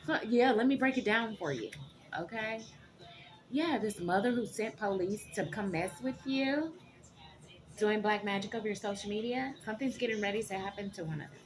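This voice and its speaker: A woman giving a tarot reading to her viewers, animated and dramatic, often checking in with "okay?". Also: mid-range voice, moderate pace, faint music behind. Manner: animated, keeps asking "okay?". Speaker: tarot reader.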